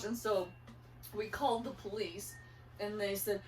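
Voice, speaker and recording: A woman's voice: mid-range voice, a little slow. An older woman from eastern Idaho telling family stories in casual conversation, acting out her own panicked lines with animation. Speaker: interviewee, mother. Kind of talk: casual storytelling. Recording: roomy and distant.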